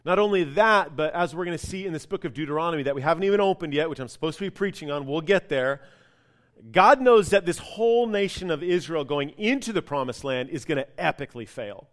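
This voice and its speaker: A male pastor preaching a sermon in a conversational, animated storytelling way, with casual asides. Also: on the high side, quick pace.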